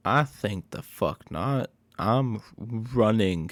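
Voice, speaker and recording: A man giving a casual recap of a horror movie, excitable and profane. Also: on the low side, takes it slowly, hardly any pauses, no room sound, studio quality.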